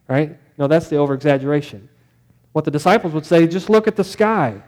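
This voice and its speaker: A man's voice: a little high, lively intonation, a little fast, darkish tone. A male pastor giving a sermon in a conversational way, often putting questions to the congregation.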